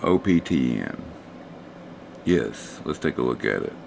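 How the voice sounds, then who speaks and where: A man, hoarse and losing his voice, casually talking through stock charts for a live stream audience. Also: a bass voice, unhurried, a little hiss or hum. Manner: relaxed, rambling, talks to chat viewers.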